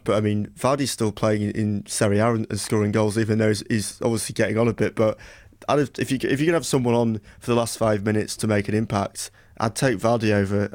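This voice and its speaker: A man giving a measured, hesitant opinion as a pundit in a sports radio studio. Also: on the low side, a little mellow, no room sound.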